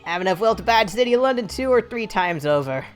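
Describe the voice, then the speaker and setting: A woman voicing a boisterous rich man in a game, with a loud, broad put-on Irish accent. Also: fairly low pitch, normal speed, faint music behind, lightly acted. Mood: boastful.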